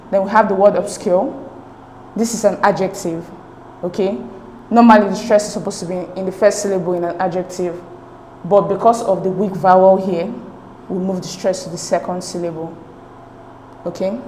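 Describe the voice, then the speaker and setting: Woman, exam tutor, low-ish voice, patient step-by-step explainer; roomy echo, light background hiss. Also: darkish tone. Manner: patient, step-by-step, checks with "okay?". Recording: echoey room with faint noise.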